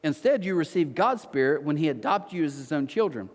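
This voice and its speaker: A man's voice: on the high side, a little fast, big-room sound. A man preaching a sermon as pastor, telling stories with playful asides. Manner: animated storytelling with playful asides. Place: church auditorium.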